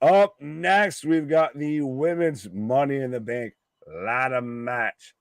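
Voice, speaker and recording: A man's voice: medium pitch, slow, no echo. A man co-hosting a live wrestling stream, talking casually, swearing often and jumping in over his co-host. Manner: profane, excitable, talks over others.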